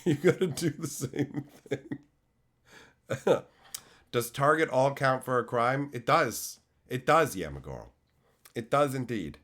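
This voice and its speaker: A middle-aged Canadian card-opening streamer, sick and losing his voice, loudly and profanely mock-insults his chat during a live stream. His voice sits in the mid range.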